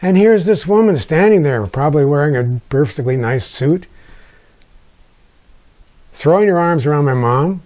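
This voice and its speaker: Older man, author, wry storyteller, lively pitch swings, fairly high voice. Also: moderate pace, pauses often. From United States. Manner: animated, wry, drops to quiet asides. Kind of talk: personal storytelling.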